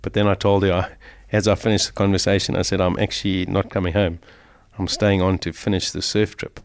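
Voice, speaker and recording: A middle-aged man speaks as an interview guest, recounting his ordeal vividly and with feeling. His voice sits a little low. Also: little pitch movement, a little fast. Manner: emotional, vivid retelling of a survival ordeal. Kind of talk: storytelling in an interview.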